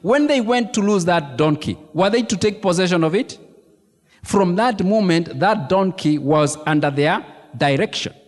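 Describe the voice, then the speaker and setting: A man preaches a sermon in a high, restless voice that leaps up and down as he drives his points home. He repeats key phrases and keeps firing questions at his congregation. His words ring out with the long reverb of a large church hall. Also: moderate pace. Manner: animated preaching with emphatic repetition and congregation questions. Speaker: pastor.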